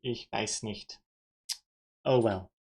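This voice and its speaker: Giggly unhurried woman from Austria. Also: very deep voice, creaky, dark tone. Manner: playful, giggly, self-mocking. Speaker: streamer. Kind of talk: casual live stream chat.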